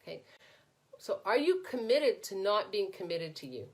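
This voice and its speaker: A woman's voice: mid-range voice, sing-song, moderate pace. A woman coach hosting a live question-and-answer session, reading viewers' comments aloud and answering them in a conversational way, often tagging "right?" onto her points. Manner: conversational, frequently adds "right?". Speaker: coach and podcast host.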